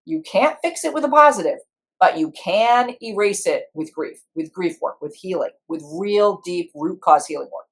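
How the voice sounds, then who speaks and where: A woman's voice: on the low side, lively intonation, normal speed. A middle-aged woman, an IFS practitioner, telling a story in conversation and acting out her inner parts in quoted voices.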